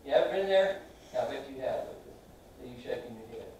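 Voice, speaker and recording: Pastor preaching in an echoey sanctuary. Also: male voice, mid-range voice, animated, distant mic. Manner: swings from loud, drawn-out shouts to soft asides; asks the congregation questions and has them repeat after him. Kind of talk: sermon. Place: large church sanctuary. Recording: very echoey hall, heard from afar.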